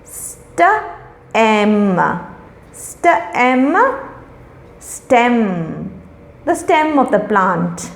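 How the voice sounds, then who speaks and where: A middle-aged woman teacher patiently sounds out and explains words in a recorded lesson for young children, repeating and explaining each one. Her fairly high voice has lively intonation, and she speaks extremely slowly with long pauses. The room is echoey.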